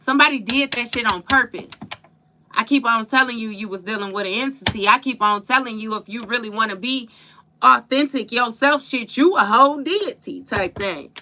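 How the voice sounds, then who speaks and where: A woman's voice: a little high, normal speed, noisy background. A woman giving a casual live tarot reading, slangy and profane, laughing often and calling the listener baby. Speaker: tarot reader.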